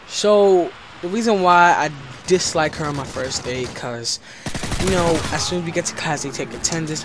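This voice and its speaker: A man's voice: a little high, slight background noise. A teenage boy casually telling a rambling, profane story over gameplay. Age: teens. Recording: game gunfire loud behind voice. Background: video game gunfire.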